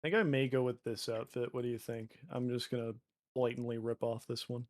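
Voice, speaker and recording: A man's voice: mid-range voice, level tone, a little fast, darkish tone. Rambling Canadian man chatting on stream. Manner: rambling, joking, heavy fillers. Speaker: artist and streamer. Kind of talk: casual chat while drawing.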